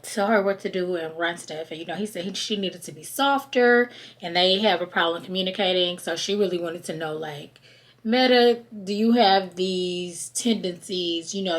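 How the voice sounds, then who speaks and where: A woman with hosts a podcast, recapping a reality show in a loose, chatty way. She keeps slipping into the voices of the people she describes. Her voice sits in a middle range. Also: mid-range voice. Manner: chatty and animated, acts out quoted people. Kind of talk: casual recap chat.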